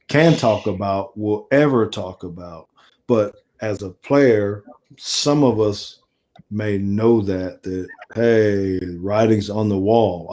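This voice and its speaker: A middle-aged man, a former football player and coach, telling stories in a casual interview and acting out the quoted dialogue. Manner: animated storyteller, acts out quoted dialogue with rising pitch.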